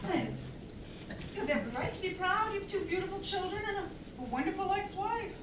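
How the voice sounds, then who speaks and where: A woman's voice: very high-pitched, expressive, quick pace. An actress playing a cooing, sentimental, giggly woman on a live stage. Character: gushing sentimental English woman, middle-aged. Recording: echoey stage, distant mic, noisy audience.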